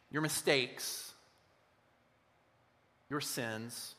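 Bright-voiced pastor in a reverberant church. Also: male voice, mid-range voice, unhurried. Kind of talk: sermon. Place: church sanctuary.

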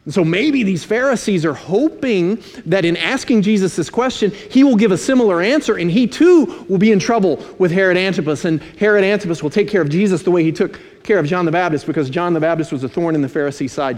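A man preaching a sermon, emphatic, slowing to stress key phrases and dropping in dry asides. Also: high-pitched, a little mellow. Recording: long hall reverb.

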